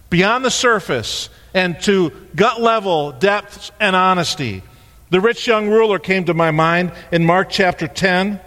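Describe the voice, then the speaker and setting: A man delivers a sermon with a bright, high voice that leaps up and down as he acts out the people in his stories. His words ring out with a long echo, as if filling a large church sanctuary. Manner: animated storytelling, acting out voices. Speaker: pastor. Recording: long hall reverb.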